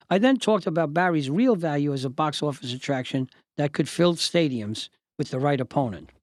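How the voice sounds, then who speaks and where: Older man telling a measured story. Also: fairly high pitch, no echo. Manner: measured, deliberate, lawyerly recounting. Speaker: host and narrator. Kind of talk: memoir storytelling narration.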